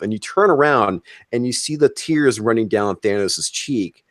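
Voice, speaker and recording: A man on a podcast roundtable, telling an excited story with lots of fillers and restarts. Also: on the low side, unhurried, no room sound. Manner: excited, animated storytelling with frequent fillers and swearing. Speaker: roundtable guest. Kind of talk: casual podcast chat.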